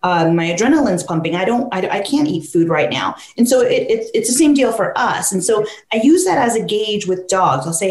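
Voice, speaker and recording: A woman dog trainer, a guest on a podcast, explaining training with animated stories and acting out her dog's thoughts. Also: medium pitch, brisk, few pauses, roomy sound. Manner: animated storyteller who acts out the dog's thoughts in quoted voices. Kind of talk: conversational interview, explaining with stories.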